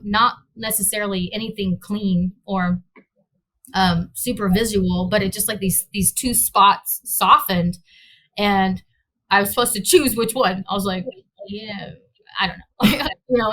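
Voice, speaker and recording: A woman with a mid-range, slightly bright voice tells a personal story as an interview guest. She rambles, searches for words, and acts out her own reactions.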